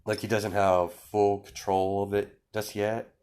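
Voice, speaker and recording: A man's voice: fairly low pitch, little pitch movement, unhurried, a little mellow, clean tone. A man casually telling an improvised story, rambling with lots of fillers and restarts.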